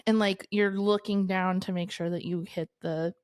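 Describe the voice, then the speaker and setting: A woman's voice: mid-range voice, fairly even intonation, normal speed, no echo, clean studio sound. A woman in her thirties co-hosting a podcast, telling a story in casual chat, swearing freely and laughing often. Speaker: podcast co-host.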